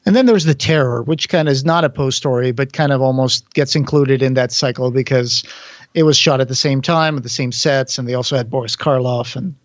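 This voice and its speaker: A man's voice: medium pitch, brisk, no room sound. Chatty male podcast co-host, dry dull sound. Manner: chatty, joking, reads quotes in an announcer voice. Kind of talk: casual film commentary chat.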